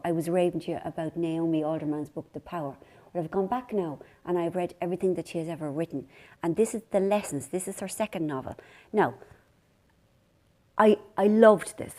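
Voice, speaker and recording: Rambling Irish woman, mellow voice. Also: lowish voice. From Ireland. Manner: rambling, self-deprecating storytelling. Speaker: vlog host. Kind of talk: casual chat to camera.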